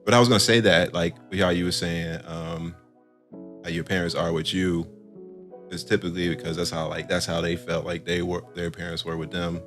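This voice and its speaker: A man's voice: low voice, little pitch movement, normal speed, a bit bright, soft background music. A young man hosting a podcast, chatting in a laid-back way and filling his talk with "like" and "you know what I'm saying". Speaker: podcast host. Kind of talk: casual chat.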